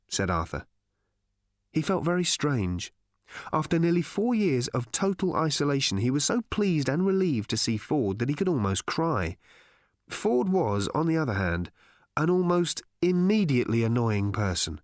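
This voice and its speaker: A man's voice: mid-range voice, big pitch swings, dry recording. Wry male audiobook narrator. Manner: dry, measured, wry storytelling.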